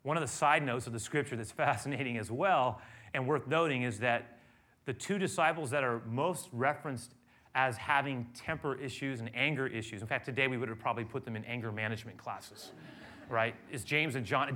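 A man preaching a sermon, moving between quiet storytelling and loud, emphatic passages. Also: medium pitch, brisk. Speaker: pastor.

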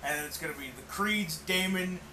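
A man's voice: sits high, normal speed, bright, forceful tone, slight background noise, poor audio. A man co-hosting a casual wrestling podcast, rambling, swearing and correcting himself mid-sentence. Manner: rambling, profane, self-correcting. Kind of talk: casual chat.

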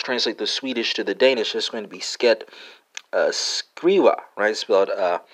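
Low-voiced man hosting a language lesson. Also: fairly bright tone. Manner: spells words letter by letter with frequent "uh" and "right?"; wry asides. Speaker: language podcast host. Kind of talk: casual solo language lesson.

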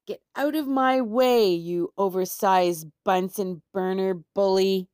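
A woman's voice: fairly low pitch, unhurried, dark tone, no echo, clean studio sound, close to an everyday voice. Woman playing a jittery knight, blustering and panicky. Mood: defiant shout. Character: frightened boastful male knight.

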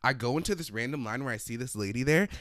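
A man's voice: mid-range voice, animated, fast, a bit bright. Slangy young man telling a story. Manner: slangy, swearing, acting out quotes. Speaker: podcast co-host. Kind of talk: casual storytelling chat.

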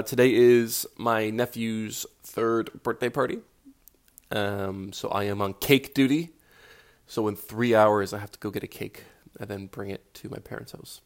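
Male podcast host, lowish groggy morning voice, rambling self-deprecating chat with casual swearing.

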